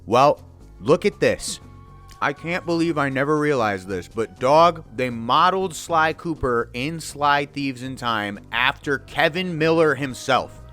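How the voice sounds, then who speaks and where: Brief: male commentator, mid-pitched, ranting loosely and swearing, quick to mock. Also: faint music behind. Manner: animated, profane, mocking impressions. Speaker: video commentator. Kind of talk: casual profane rant.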